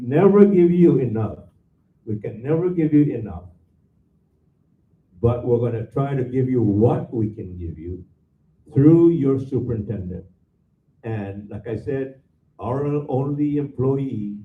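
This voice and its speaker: A man serving on a school board, giving measured, halting remarks with fillers at a public meeting. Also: medium pitch, slight background noise. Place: meeting hall. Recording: echoey room, far from mic, tinny.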